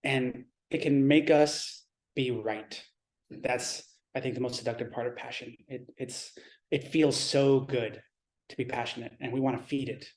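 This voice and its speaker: A man giving a Zen dharma talk in a reflective, measured way, pausing and restarting his thoughts. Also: mid-range voice, fairly even intonation, darkish tone.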